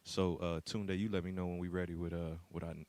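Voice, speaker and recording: A man's voice: sits low, level tone, brisk, darkish tone, no echo. A man co-hosting a live show, passing to callers in a laid-back way. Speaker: co-host. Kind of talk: casual live-stream chat.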